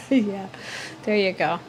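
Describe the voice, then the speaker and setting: A woman's voice: medium pitch, slight background noise. A woman co-hosting a radio show, teasing and laughing in casual banter.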